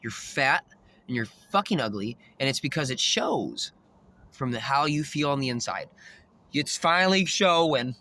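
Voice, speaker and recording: A man's voice: mid-range voice, expressive, normal speed, sharp tone, a little hiss or hum. A man ranting in a rambling monologue, swearing constantly and laughing often. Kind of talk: rambling profane rant.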